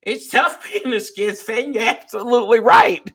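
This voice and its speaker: Fired-up man ranting, gravelly high voice. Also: moderate pace, fairly bright tone. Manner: addresses viewers as y'all. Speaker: sports fan show host. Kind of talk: live-stream rant.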